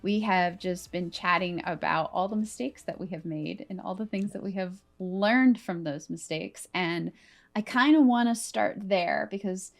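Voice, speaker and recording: A woman's voice: fairly low pitch, unhurried, gravelly, faint music behind. A woman hosting a podcast interview, earnest and upbeat, laughing easily with her guest. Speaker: podcast host. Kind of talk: conversational interview.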